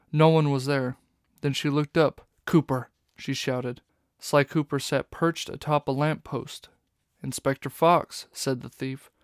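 A man reading an audiobook in steady, even scripted narration. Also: medium pitch, smooth, no room sound, clean studio sound.

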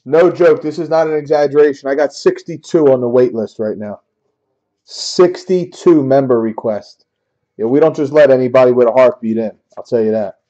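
A man's voice: medium pitch, normal speed, mellow, dull audio. A man hosting a casual card-opening break, grumbling and joking with his viewers.

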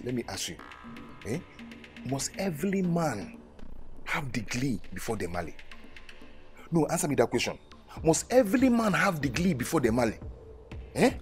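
An actor playing a proud young spare-parts trader from Anambra with a Nigerian Igbo accent, mixing English and Igbo insistently. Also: male voice, medium pitch, normal speed, pauses often, close to an everyday voice. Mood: angry. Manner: switches between English and Igbo, animated and insistent. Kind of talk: Nollywood film acting. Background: film score music.

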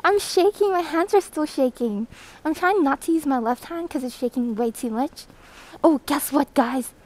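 Her voice high and her pace moderate, a woman does a casual live stream from an airport terminal, excitedly saying hello to viewers and reading out the chat. She's breathing hard behind a thick mask, recorded roughly on a phone in her hand.

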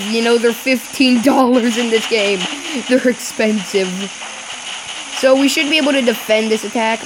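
A woman's voice: on the high side, fairly even intonation, moderate pace, noisy background. A woman giving casual let's-play commentary, thinking aloud in a rambling way, with fillers and sudden exclamations. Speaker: gamer playing a strategy game.

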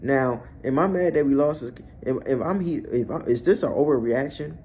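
A young man vlogging a heated fan rant about his football team, swearing and breaking into near-yells when he gets outraged. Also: medium pitch, moderate pace, a little hiss or hum. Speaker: YouTube sports vlogger.

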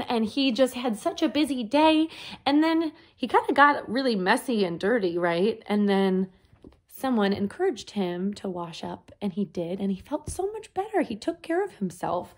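A woman reading a picture book aloud to children in a gentle voice, stopping to add her own comments. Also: a little high, lively intonation, normal speed. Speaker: storyteller.

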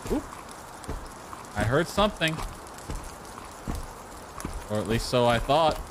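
Over background noise, this mid-voiced man takes his time, speaking in a sing-song way as he offers live commentary on his game. He's playful, talks to himself, calls out cheerfully, and now and then sings in a mock-plaintive tone.

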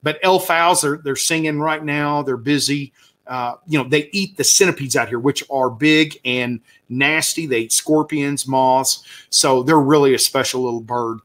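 A man's voice: mid-range voice, normal speed, a bit bright. A man with a Southern US accent gives a casual slide talk as a birding guide, enthusiastic and rambling, with many fillers and restarts. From Southern United States.

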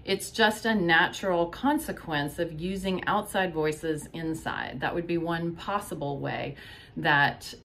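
Low-voiced calm woman therapist. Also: slight background noise. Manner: calm, measured, gentle. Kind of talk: advice talk to camera.

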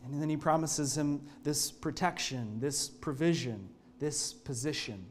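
A male pastor delivers an earnest, storytelling sermon in a church. His voice sits a little higher than most men's. A faint hiss runs behind him. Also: measured pace.

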